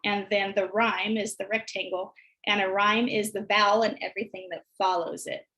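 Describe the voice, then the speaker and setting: A woman presenting a teacher training session, calmly explaining early literacy activities and modeling phrases slowly as if for young children. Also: medium pitch, poor audio. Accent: American. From United States. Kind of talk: instructional webinar walkthrough.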